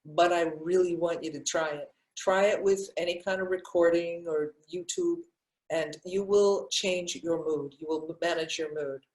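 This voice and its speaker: A woman's voice: on the low side, fairly even intonation, unhurried, a little mellow. An older woman, a breathwork teacher, answering questions in a live session and talking in a loose, rambling way with many restarts. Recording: echoey room.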